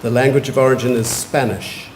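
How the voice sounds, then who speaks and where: A man, pronouncing words clearly and giving short definitions at a spelling competition. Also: medium pitch, fairly even intonation, a little mellow, slight background noise. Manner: measured, repeats each word clearly and gives brief definitions. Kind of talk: formal word pronouncing at a competition. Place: large museum hall.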